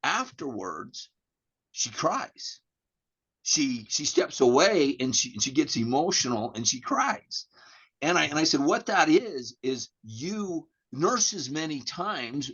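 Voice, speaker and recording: A man's voice: fairly high pitch, sing-song, a little slow, a bit bright, husky, lo-fi sound. A middle-aged man, a podcast guest, telling a story in a candid chat, often repeating words and acting out the dialogue.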